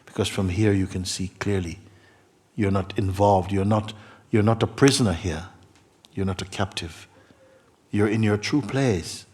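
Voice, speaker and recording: A man, a spiritual teacher, speaking earnestly to a seeker, moving between soft murmurs and emphatic, laughing passages. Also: lowish voice, unhurried, breathy edge. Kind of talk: satsang talk to a seeker. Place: meeting hall.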